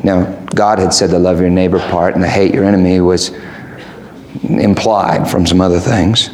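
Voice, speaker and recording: A man's voice: sits low, fairly even intonation, normal speed, a little mellow, a little hiss or hum. A man preaching a sermon in an emphatic, rhetorical way. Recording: echoey room with faint ambience.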